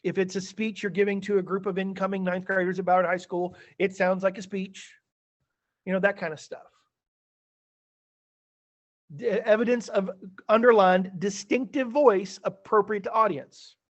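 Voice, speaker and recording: A man's voice: high-pitched, moderate pace. A male teacher giving chatty, slightly theatrical feedback to students in an online class over a video call. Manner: chatty, animated, a bit theatrical.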